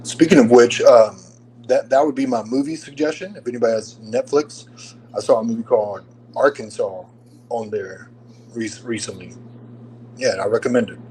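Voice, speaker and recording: A man's voice: medium pitch, normal speed, a little mellow, a little hiss or hum, low-quality recording. A man co-hosting a casual chat, with dry, teasing remarks. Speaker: podcast co-host.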